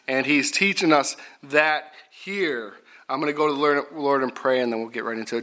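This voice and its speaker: Folksy man preaching with loud bursts. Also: on the high side, a little fast, few pauses. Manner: folksy, repetitive, rising to loud emphatic bursts. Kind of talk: sermon.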